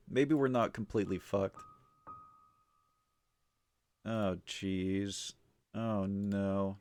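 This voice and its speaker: A man's voice: lowish voice, extremely slow, pauses often, a little mellow, clean tone, faint music behind. A man streaming live, chatting casually with viewers in a rambling way, full of fillers, frequent swearing and easy laughs. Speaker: livestreamer.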